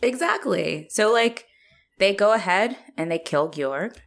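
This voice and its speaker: A woman's voice: medium pitch, expressive, unhurried, creaky. A woman co-hosting a podcast, casually chatting about a movie, laughing often and swearing freely as she retells scenes. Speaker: podcast co-host. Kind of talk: casual movie discussion chat.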